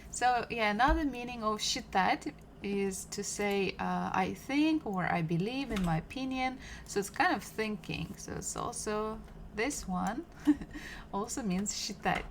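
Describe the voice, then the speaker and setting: A woman gives a live-streamed Russian lesson from home, talking very slowly and repeating every word several times. Her pitch is ordinary for a woman, and her tone is patient and chatty. Faint keyboard typing sits behind her voice. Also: animated, slight background noise. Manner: slow, patient, repeats words several times, chats with viewers. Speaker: Russian language teacher.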